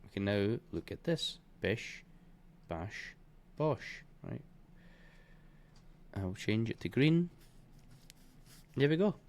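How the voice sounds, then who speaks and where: A man walking through trading charts in a blunt, heavily profane and scornful way, punctuating points with bursts like boom and bish bash bosh. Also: very animated, slow, long pauses, a little mellow. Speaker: trading educator. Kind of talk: live chart walkthrough.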